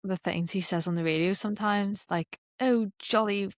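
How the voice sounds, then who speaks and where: A woman co-hosting a motorsport podcast, chatting casually in a bubbly, expressive way with frequent laughter. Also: lowish voice, brisk, dry recording, clean studio sound. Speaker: podcast co-host. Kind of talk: casual chat.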